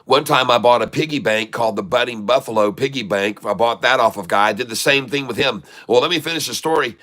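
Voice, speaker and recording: A middle-aged man spins a rambling, casual anecdote, slipping into the voices of the people he quotes. His voice is bright and forward, sitting at an ordinary pitch for a man. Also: fast talker. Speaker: trading channel host. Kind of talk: casual storytelling.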